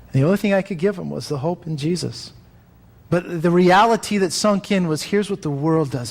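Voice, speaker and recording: A man's voice: a little high, brisk, vocal fry. A man preaching a sermon in a conversational way, acting out the voices of the people he quotes. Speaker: pastor.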